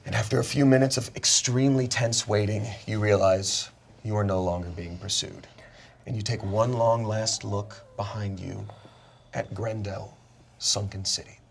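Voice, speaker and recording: A man running a tabletop role-playing game, narrating scenes with animated, cinematic storytelling. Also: on the low side, moderate pace, creaky, slight background noise. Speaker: game master.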